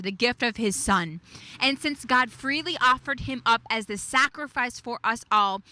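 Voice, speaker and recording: Woman, sermon, high bright voice, unhurried, emphatic repetition, dry close sound. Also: no echo. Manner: emphatic, repeats key phrases, slows on declarations. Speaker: preacher. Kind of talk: devotional sermon.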